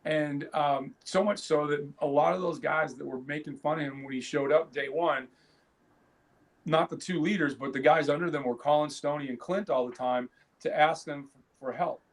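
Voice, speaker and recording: A lively, higher-voiced male podcast co-host. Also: moderate pace. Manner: animated storyteller, laughs loudly, frequent restarts. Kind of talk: casual chat.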